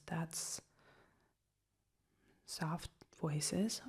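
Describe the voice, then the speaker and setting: Young woman, whispered role-play girlfriend, husky low voice, soothing and caring. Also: extremely slow, long pauses, darkish tone. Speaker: ASMR role-play performer.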